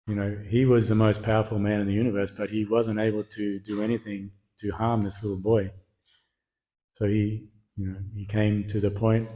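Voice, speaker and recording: A man giving a scripture class, retelling the story in a relaxed, casual way with many fillers. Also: lowish voice, poor audio. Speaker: class speaker.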